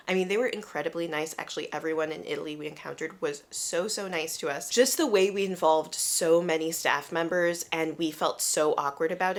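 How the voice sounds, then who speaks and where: Chatty American woman telling a story. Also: lowish voice. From United States. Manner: animated, chatty, self-deprecating. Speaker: vlogger. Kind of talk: casual storytelling to camera.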